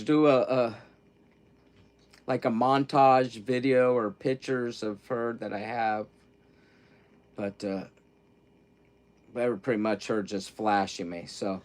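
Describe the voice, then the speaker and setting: A man's voice: mid-range voice, slow pace, long pauses. Rambling middle-aged man on a livestream. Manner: rambling and candid, swinging between hushed grief and loud excitement; self-interrupting, repeats words. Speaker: livestream host. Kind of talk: casual livestream chat.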